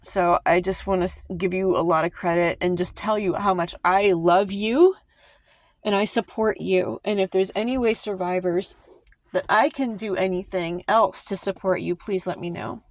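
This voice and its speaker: A woman talks straight to her viewers in a heated, emphatic vlog rant. She sighs, trips over her words and restarts, with her voice at a medium pitch. The sound is dry and close, with no room echo. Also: fairly even intonation, moderate pace. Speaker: vlogger. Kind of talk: impassioned casual commentary to camera.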